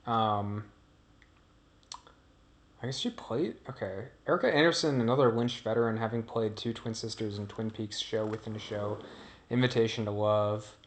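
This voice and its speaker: A man's voice: lowish voice, normal speed. A man giving casual, rambling commentary over his own gameplay, drifting off topic and trailing off mid-thought.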